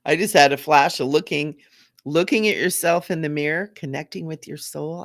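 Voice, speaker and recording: A woman's voice: deep voice, normal speed, no room sound, clean studio sound. A woman hosting a casual spiritual livestream chat, bubbly, laughing often and repeating phrases for emphasis. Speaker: spiritual talk show host.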